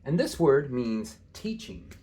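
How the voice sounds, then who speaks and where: A man teaching an informal screen-share lesson in a relaxed way, with many filler sounds, slowing down to stress key terms. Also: mid-range voice.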